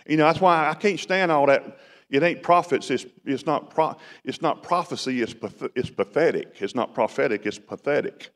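A man's voice: fairly high pitch, normal speed. A man preaching a sermon in a conversational style that rises to emphatic bursts. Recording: long hall reverb.

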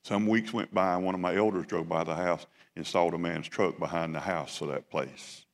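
A deep-voiced man preaches from the pulpit, spinning a story in a plain, folksy way. His voice carries a long reverb from the church hall. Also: steady tone, normal speed, gravelly. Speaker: pastor. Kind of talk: sermon. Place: church sanctuary.

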